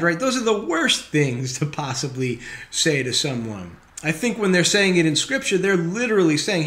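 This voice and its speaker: A man's voice: a little high, very animated, normal speed, fairly bright tone. A man preaching a sermon as pastor, talking casually and wryly, reading scripture with emphasis. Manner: conversational, wry, reads scripture with emphasis. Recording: roomy echoey sound.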